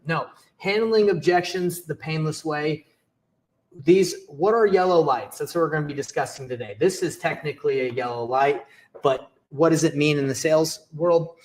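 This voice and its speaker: A young adult man giving a live sales training, energetic and repetitive, checking in with "okay" and acting out sample calls. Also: on the high side, moderate pace. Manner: energetic, repeats "okay" and "all right", acts out sample seller calls. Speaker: real estate sales coach. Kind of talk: live training talk to camera.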